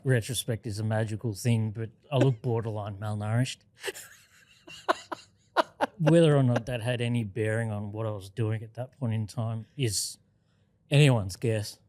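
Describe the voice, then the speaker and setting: A man in his thirties from Australia, a guest in a podcast studio, speaking in a wry, measured, hesitant way. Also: medium pitch, dark tone, no room sound. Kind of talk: reflective interview talk.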